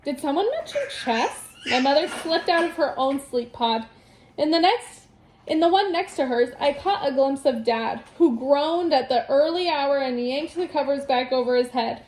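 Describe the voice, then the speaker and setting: A woman's voice: high-pitched, normal speed, a little mellow, roomy sound, a little hiss or hum. A woman reading a chapter book aloud at home, casual and chatty between passages. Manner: casual, breaks off to laugh and chat. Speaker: storybook reader. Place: home room.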